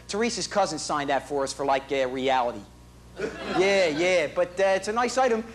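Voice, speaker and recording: A man's voice: high-pitched, close to an everyday voice. An actor playing a chatty, boastful working-class family man in a comic stage monologue, rambling in street slang and bad grammar. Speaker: stage performer in a one-man show. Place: theater stage.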